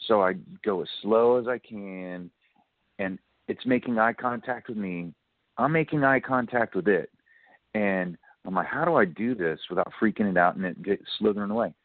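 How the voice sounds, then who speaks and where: A chatty man calls in to a radio show and spins a long story, acting out every line of dialogue and breaking into laughter. His voice sits fairly low and sounds dry and tinny, as if squeezed through a phone line. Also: moderate pace, no echo. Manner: chatty, animated storyteller who acts out quotes and laughs often. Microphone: telephone.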